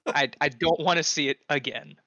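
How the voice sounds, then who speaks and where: A man in a tabletop game speaks with a bright, forceful voice, stammering at the start of his sentences. The sound is dry and somewhat dull, like a cheap microphone. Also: fairly high pitch, moderate pace, gravelly, no echo. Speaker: player. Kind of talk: casual tabletop play.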